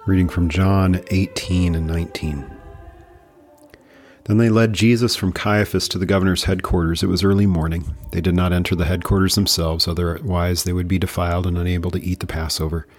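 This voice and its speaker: A man reads a long scripture passage aloud in a measured, unhurried way. His voice sits very low. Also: flat delivery, faint music behind. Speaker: scripture reader. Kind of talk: Bible reading.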